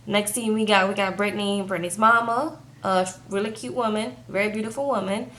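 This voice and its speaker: A woman's voice: mid-range voice, steady tone, fairly quick, a bit bright. A young woman casually recapping a reality TV episode, chatting loosely and often asking "okay?". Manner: chatty, frequent "okay?" and "like" fillers. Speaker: TV show reviewer.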